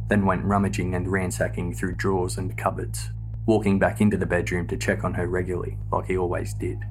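Deep-voiced man narrating true crime. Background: faint background music.

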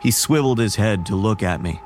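A man narrating a first-person horror story in a measured, wary tone. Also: on the low side, lively intonation, music in the background.

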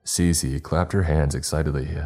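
A male horror narrator reads in a measured, steady way, his voice extremely deep and dark. It carries a husky texture, with faint music running under the reading.

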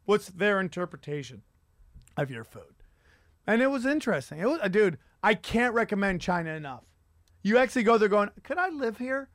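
A man hosting a podcast, telling stories in an animated, profane comedic rant. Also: high-pitched, fairly quick, dry recording, studio quality. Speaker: podcast host.

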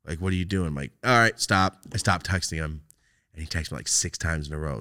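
A young man hosting a podcast, telling a long story in casual, profane chat and jumping into loud quoted outbursts. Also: extremely low pitch, a little fast, no echo, studio quality. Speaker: podcast host.

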